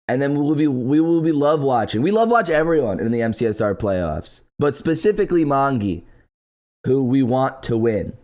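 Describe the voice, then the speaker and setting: A man's voice: medium pitch, big pitch swings, normal speed, a little mellow. A young man streaming live, chatting casually with his viewers and thanking donors, his voice stuffy and congested from just waking up. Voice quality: congested morning voice. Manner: laid-back, answers chat and thanks donors.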